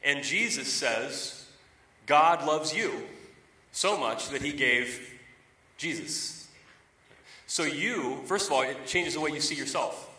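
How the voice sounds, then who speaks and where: A man's voice: fairly high pitch, animated, slow, pauses often, sharp tone. A man in his thirties preaching a sermon, telling everyday stories in a conversational way and driving points home with emphatic repetition. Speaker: pastor. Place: church sanctuary. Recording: roomy, distant from the mic.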